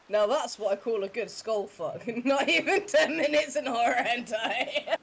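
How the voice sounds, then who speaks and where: A woman's voice: a little high, measured pace, creaky, a little hiss or hum. A woman co-streaming a game, teasing and giggling as she chats. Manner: giggly, teasing, often laughing. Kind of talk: casual chat on stream.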